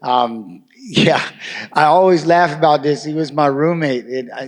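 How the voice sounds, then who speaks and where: A man's voice: a little high, slow. A man on a fighters' panel telling a fond, chuckling story in a casual way.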